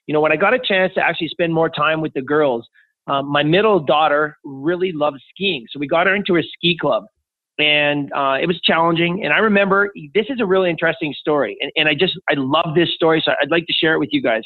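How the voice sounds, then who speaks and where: A man's voice: a little high, fairly quick, dry recording. A man, a podcast guest, telling personal stories with enthusiasm. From Canada. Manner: enthusiastic anecdotal storyteller. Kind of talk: conversational interview. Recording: tinny phone-like remote line.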